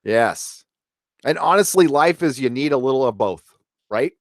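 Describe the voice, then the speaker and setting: A man hosting a casual live stream, reviewing an episode and reading out viewer comments in a rambling, relaxed way. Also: mid-range voice, normal speed, no room sound, clean studio sound. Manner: rambling and relaxed, many fillers and restarts.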